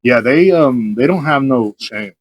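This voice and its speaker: A man's voice: medium pitch, lively intonation. A young man, hosting a podcast and rambling through profane anecdotes in casual chat. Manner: rambling anecdotes, quick, laughing, swears freely. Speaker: podcast host.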